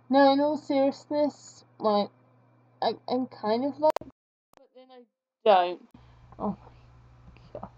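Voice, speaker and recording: A young woman talks to her viewers while she draws, drifting from thought to thought and making fun of herself. She speaks slowly in a fairly high voice. The recording sounds a bit dull and muffled. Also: animated. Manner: rambling, self-mocking chatter. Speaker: art vlogger. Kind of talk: casual chat while drawing.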